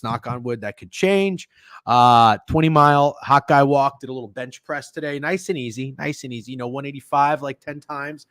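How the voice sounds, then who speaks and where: Speaking at medium pitch with no echo, this sports betting stream host sits close to a studio microphone, casually reading viewer messages and bantering with chat and his co-hosts. His talk is rambling, profane, and full of jokes, punctuated by abrupt loud outbursts, a cough, and a sore throat.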